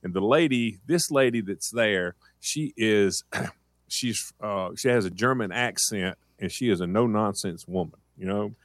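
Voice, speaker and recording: A man co-hosting casual chat, telling stories in an animated way and laughing often. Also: lowish voice, measured pace, no echo, studio quality. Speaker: co-host. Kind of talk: casual storytelling.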